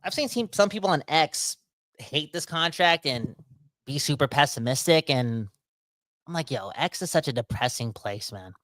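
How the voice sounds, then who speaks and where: A man hosting a casual sports podcast, talking in a rambling, animated way that keeps interrupting itself. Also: on the high side, normal speed, dry recording. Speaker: podcast host.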